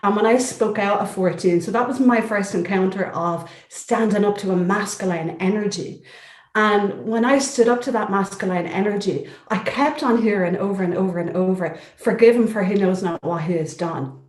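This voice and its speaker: A woman's voice: medium pitch, normal speed. An Irish woman guest speaking in a heartfelt, spiritual way, her speech slightly thickened by braces, on a video call. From Ireland. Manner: warm, heartfelt, spiritual talk. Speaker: guest therapist. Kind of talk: interview conversation. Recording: roomy echo.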